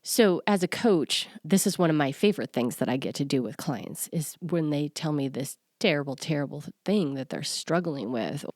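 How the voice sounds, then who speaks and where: A woman in her forties, a self-worth coach, talking to listeners in an earnest, confiding way with soft laughs. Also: deep voice, expressive, normal speed, hardly any pauses, no echo, studio quality. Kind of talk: personal solo podcast talk.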